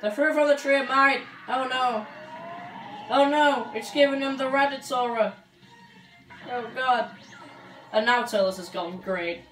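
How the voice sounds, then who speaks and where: A woman's voice: sits high, a little slow, pauses often, a bit bright. Woman let's-player, joking banter, sits off-mic in a roomy space over game music. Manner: chatty, joking, says like a lot. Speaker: gameplay commentator. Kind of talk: let's play commentary. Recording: echoey room, far from mic, game music.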